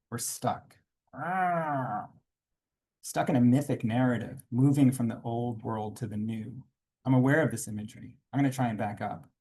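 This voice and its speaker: A man reading aloud from his own graphic memoir at a conference panel, quiet and reflective, with small asides to the audience. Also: mid-range voice, husky. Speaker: comics artist reading his work at a panel.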